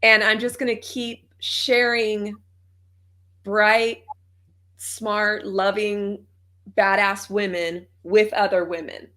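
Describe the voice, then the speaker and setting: An upbeat woman talks as a guest in a conversational interview. Her voice is bright and forward, and she laughs easily between points. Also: medium pitch, little pitch movement, takes it slowly. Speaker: podcast guest and coach.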